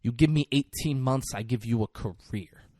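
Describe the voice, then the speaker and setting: A man doing a smooth-talking menacing veteran cop. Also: mid-range voice, normal speed, darkish tone, no echo, clean studio sound, close to an everyday voice. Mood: coolly menacing.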